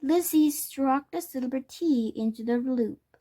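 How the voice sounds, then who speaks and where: A woman reading a children's storybook aloud, careful and steady, now and then correcting a word. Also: high-pitched, takes it slowly. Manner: careful, with small self-corrections. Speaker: storybook reader. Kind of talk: children's book read-aloud.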